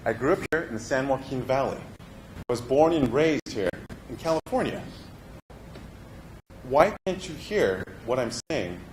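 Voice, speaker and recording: A man's voice: medium pitch, animated, a little slow, pauses often, a little mellow, natural voice. A man performing a stage monologue as an earnest young male actor, confiding and at times exasperated. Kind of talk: theatrical monologue. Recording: echoey room with background noise.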